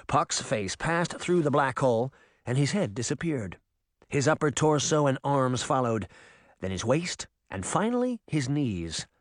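Male audiobook narrator, expressive and animated reading, dry studio recording. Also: mid-range voice, no echo. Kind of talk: scripted narration.

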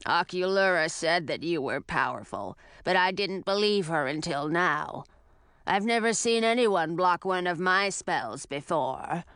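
A woman voicing a grouchy, spiteful old female witch with a rough, gravelly, low growl. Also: expressive, unhurried, fairly bright tone, no room sound. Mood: gruff. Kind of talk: audiobook character voice.

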